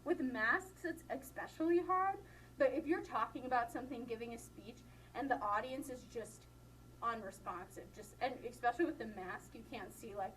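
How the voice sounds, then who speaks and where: A woman's voice: fairly high pitch, normal speed, slight background noise, low-quality recording. A young woman teaching a college class in a classroom, chatty and laughing often, with many "like" fillers. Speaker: college instructor. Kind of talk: classroom lecture.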